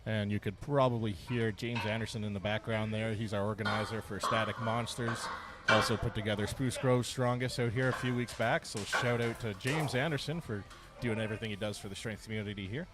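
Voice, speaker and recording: Excited male strength-event commentator. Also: lowish voice, fairly quick. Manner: excited, cheering lifters on. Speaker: play-by-play commentator. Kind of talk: live sports commentary. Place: strength competition gym. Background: music playing.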